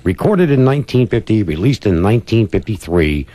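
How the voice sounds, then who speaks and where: Low-voiced male oldies announcer. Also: big pitch swings, a little fast, mellow, dry recording. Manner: announcer-like, rattles off record years and labels. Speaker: radio show co-host. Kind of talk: radio announcing.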